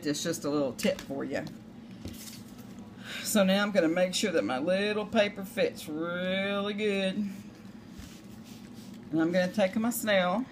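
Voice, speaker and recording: A woman with a Southern US accent, chatting through a crafting tutorial with rambling, self-deprecating asides. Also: on the low side. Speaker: craft demonstrator. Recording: noisy home recording.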